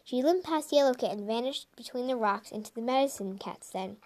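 A woman reading an animal storybook aloud in a lively, expressive way. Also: a little high, fairly quick. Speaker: reader.

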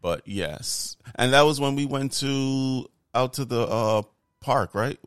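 Man, podcast co-host, casual chat, lively cursing storyteller, mid pitch, dry close sound. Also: takes it slowly, clear, resonant tone, no room sound. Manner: animated, profane storyteller.

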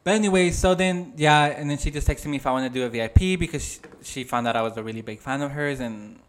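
A man's voice: medium pitch, fast talker. A man co-hosting a casual podcast over video chat, telling rambling stories and swearing freely. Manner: swears a lot, rambling storytelling. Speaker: podcast co-host. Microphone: video call.

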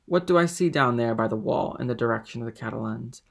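A man's voice: medium pitch, fast talker, gravelly, a bit bright. A man voicing a drunken, envious sailor who talks with boisterous, slurring tavern bluster. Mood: rowdy, drunk. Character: drunken envious middle-aged male sailor.

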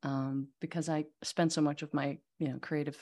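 A Dutch woman from the Netherlands, speaking at a moderate pace in a low voice, appears as a podcast guest and magazine CEO. In this casual interview chat she tells lively anecdotes like an animated storyteller.

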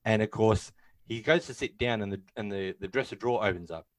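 A man's voice: on the low side, a little fast, dry recording. A man co-hosting a casual film discussion, retelling scenes and acting out lines, with many fillers. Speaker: podcast co-host.

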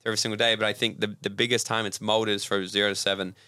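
Coach in his twenties, rapid-fire and animated, bright edgy tone. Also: lowish voice, no echo, studio quality. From Australia. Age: 20s. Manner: energetic, animated storytelling with acted-out voices. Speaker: guest, personal development coach. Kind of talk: casual podcast interview.

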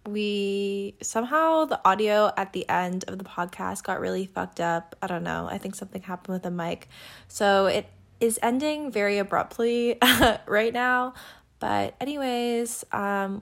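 Slow, gravelly young woman signing off. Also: medium pitch, a bit bright. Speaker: podcast co-host. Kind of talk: casual sign-off message.

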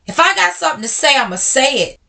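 A woman's voice: high voice, sing-song, creaky, bright, forceful tone. A woman hosting a podcast, talking openly and emotionally to her listeners, calling them y'all, blunt and direct. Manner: swings between slow and quick speech. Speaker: podcast host. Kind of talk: personal talk to listeners.

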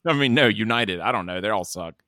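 Male co-host, lowish voice, deadpan jokes and asides, dry close mic. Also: fairly quick, no room sound. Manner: jokey, rambling asides. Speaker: podcast co-host. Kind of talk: casual movie podcast chat.

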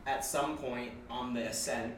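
A man's voice: medium pitch, a little slow, a little hiss or hum. Young man telling stories, very echoey. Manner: animated storyteller, laughs often. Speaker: podcast co-host. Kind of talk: casual chat. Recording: very echoey room, distant mic.

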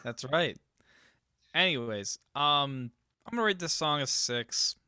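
Male co-host, casual music chat, forceful crisp voice, dry close sound, blunt opinions. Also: fairly high pitch, lively intonation, a little slow, no echo. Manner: blunt and opinionated, trailing off into hedges. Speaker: podcast co-host.

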